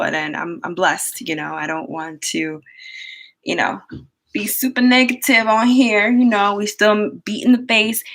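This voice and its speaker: Her voice sits low with a fairly bright tone, captured in a low-quality recording. She's a beauty vlogger at home, doing her makeup on camera while chatting through a personal story, laughing often and using plenty of fillers.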